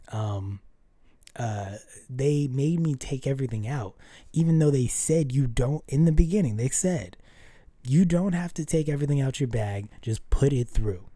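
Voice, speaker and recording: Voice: mid-range voice, dark tone, no room sound. A vlogger telling a rambling personal story to the camera, full of fillers and restarts, often acting out what people said. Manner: rambling, filler-heavy, acts out quoted dialogue.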